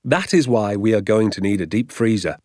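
A man voicing an excitable, boastful middle-aged father in an audiobook, exclaiming in a grand, theatrical way. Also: lowish voice, normal speed. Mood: coaxing. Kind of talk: audiobook character voice.

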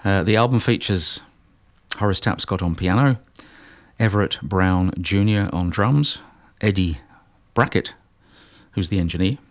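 A man hosting a jazz radio show, talking casually and unhurriedly between tracks with plenty of pauses and fillers. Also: low voice.

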